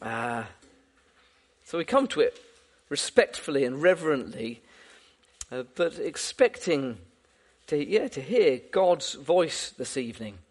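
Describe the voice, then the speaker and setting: A man's voice: on the high side, expressive, measured pace, pauses often. A man preaching a sermon, earnest and often repeating words as he builds a point. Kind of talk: sermon with prayer and storytelling.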